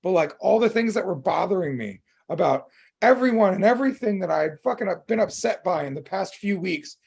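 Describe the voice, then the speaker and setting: A man with a high, husky voice and a gravelly edge, speaking candidly as a podcast co-host. He talks openly about his feelings, swearing freely and stringing thoughts together with plenty of "um" and "like.". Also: expressive, brisk, a little mellow. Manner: open and emotional, swears freely, many fillers. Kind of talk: candid casual chat.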